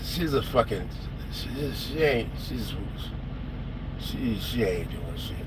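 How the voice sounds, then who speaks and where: A man's voice: mid-range voice, pushed and bright, a little hiss or hum. A man telling stories in a casual, profane rant on a porch, and he acts out the people he quotes. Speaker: trucker vlogger. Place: porch, outdoors.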